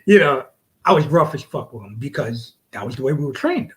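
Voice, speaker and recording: Profane, animated male wrestler telling stories. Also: medium pitch, a little fast. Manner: animated, acts out quotes, drops to whispers. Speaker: podcast guest, wrestler. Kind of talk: casual storytelling, profane.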